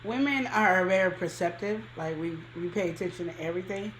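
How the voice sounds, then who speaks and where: A woman's voice: fairly low pitch, a little fast. Woman, podcast co-host, emphatic and colloquial, slightly echoey room, faint hiss. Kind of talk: casual relationship advice chat.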